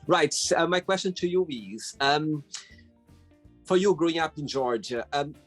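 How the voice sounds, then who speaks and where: A man from the UK hosting an interview, asking friendly questions in a halting way with many restarts. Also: on the high side, expressive, faint music behind. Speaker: interview host. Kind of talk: casual interview.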